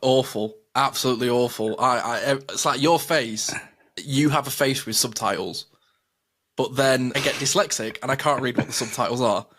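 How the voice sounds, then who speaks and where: An animated man chatting on a podcast at a middle pitch. He acts out quoted lines as he tells his stories. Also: moderate pace. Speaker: podcast co-host. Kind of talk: casual chat.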